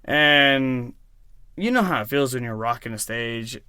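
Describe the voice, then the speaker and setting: A man's voice: medium pitch, lively intonation, a little slow, bright, forceful tone, smooth, dry recording, studio quality. A man who works as a DJ, talking as a podcast guest in a rambling, profane way with lots of fillers. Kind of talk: casual chat.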